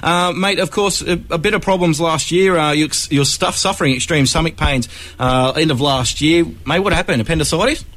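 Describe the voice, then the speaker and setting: A man's voice: on the high side, a little fast, hardly any pauses, fairly bright tone. A man hosting a radio show, jokey and chuckling while he banters. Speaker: radio host. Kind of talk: laid-back radio banter.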